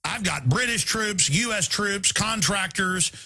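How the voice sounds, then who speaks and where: A man's voice: sits high, expressive, a little slow, bright, forceful tone. A male talk radio host delivering a rambling, indignant live monologue.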